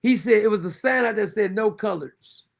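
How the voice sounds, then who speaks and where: A man hosting a talk show, commenting loudly and incredulously on played clips. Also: sits high, moderate pace, vocal fry. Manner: incredulous, loud outbursts, frequent laughter. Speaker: show host. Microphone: streaming mic.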